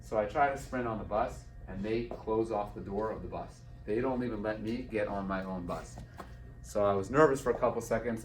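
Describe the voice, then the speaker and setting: A man giving a lively personal storytelling talk to an audience, acting out the dialogue. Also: on the low side, a little fast, slight background noise. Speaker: speaker. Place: event hall. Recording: roomy sound from a distant mic.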